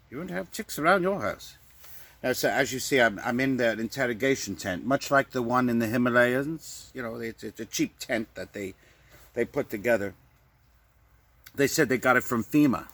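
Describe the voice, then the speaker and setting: A man's voice: mid-range voice, a bit bright, husky. A man delivering a rambling, improvised comic monologue, often stammering and repeating words. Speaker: vlogger.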